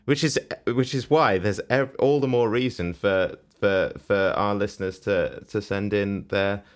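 A man co-hosts a comedy podcast in a casual chat, teasing, rambling and laughing a lot. His voice is fairly low and his pace a little slow.

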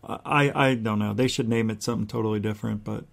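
A man's voice: lowish voice, fairly even intonation, quick pace, gravelly. A man in a casual livestream chat, laid back and giving short replies.

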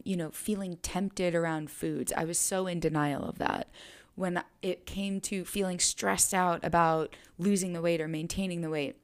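A young adult woman with a lowish, gravelly voice hosts a podcast, telling a personal story in an earnest, reflective way and repeating phrases for emphasis.

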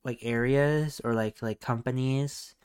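A man's voice: mid-range voice, steady tone, unhurried, darkish tone, smooth. A young man co-hosting a loose, foul-mouthed podcast conversation. He laughs often and drops into mocking impressions of other people. His voice sits in an ordinary middle range. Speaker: podcast co-host. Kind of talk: casual podcast chat.

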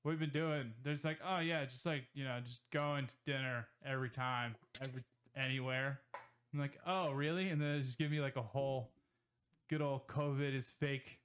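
A man's voice: medium pitch, level tone, fairly quick, fairly bright tone, clear, resonant tone. A young man co-hosting a casual podcast, telling a short story with dry laughs between lines. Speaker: podcast co-host.

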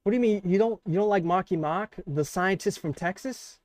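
A man's voice: high-pitched, brisk, dry recording, clean studio sound. A man chatting on a podcast, rambling and swearing casually. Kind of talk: casual chat.

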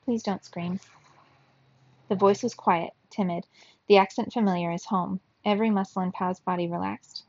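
Gravelly-voiced woman reading a storybook. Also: mid-range voice, brisk, no echo, muffled recording. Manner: steady storybook narration. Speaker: reader. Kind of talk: reading a children's novel aloud.

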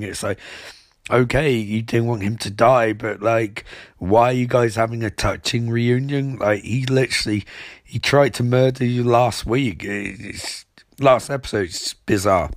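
A young man recapping a TV episode in a mocking, rambling way, tossing off quick impressions of the characters. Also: on the low side, fairly even intonation, dry recording, clean studio sound. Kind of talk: sarcastic comedic episode recap.

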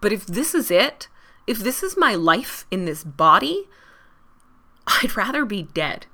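A woman's voice: medium pitch, very animated, a little slow, pushed and bright, exaggerated voice. A woman voicing a frustrated, hurt young woman who insists on her own decisions, earnest and pleading.

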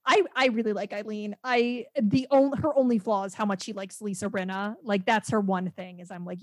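A woman chatting casually as a podcast guest, animated and quick to laugh, with lots of fillers and restarts. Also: medium pitch, dry recording, clean studio sound.

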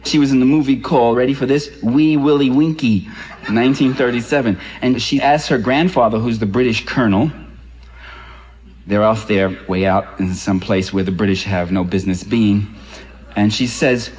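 Husky, impassioned male lecturer. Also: fairly even intonation, normal speed, a little mellow, rough recording. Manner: impassioned, ironic, emphatic with rising pitch on key points. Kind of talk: public lecture.

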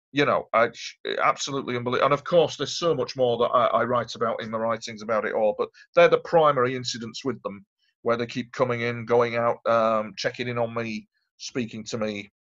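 A man's voice: mid-range voice, a bit bright. A man, a guest telling a long personal story in a rambling, emphatic way, repeating himself. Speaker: interview guest. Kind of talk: casual storytelling. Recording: dull lo-fi audio.

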